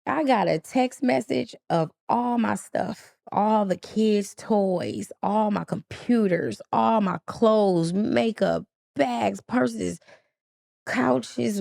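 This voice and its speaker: A woman's voice: mid-range voice, vocal fry, dry recording, clean studio sound. A woman, a podcast guest, telling her personal story with feeling and acting out the dialogue. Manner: animated, acts out quoted dialogue.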